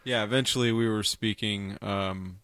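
A man's voice: fairly low pitch, steady tone, moderate pace, fairly bright tone, clean tone, no room sound. A man co-hosting a casual radio talk show, speaking in an easygoing, hesitant way and repeating words. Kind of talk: casual chat.

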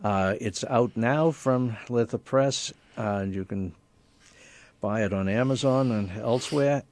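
A man's voice: mid-range voice, measured pace, darkish tone, no echo. A man being interviewed on the radio about his books, speaking with wry, dry humor. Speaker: guest author.

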